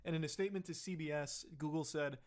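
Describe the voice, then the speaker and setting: A man's voice: fairly high pitch, fairly even intonation, fast, a little mellow. A young man giving casual, joking commentary on a news story, sarcastic and swearing freely. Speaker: commentary video host.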